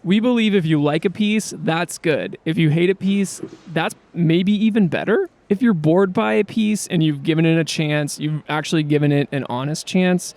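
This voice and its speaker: A man's voice: a little high, moderate pace, a little mellow. A man co-hosting a podcast in casual, partly scripted banter, irreverent and joking, with the odd swear word. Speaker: podcast co-host.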